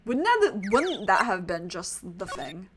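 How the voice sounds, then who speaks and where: A woman's voice: mid-range voice, very animated, a little slow, noisy background. A woman reading the lines of a flustered young male defense lawyer in a video game, in her own voice and with a dry, exasperated tone.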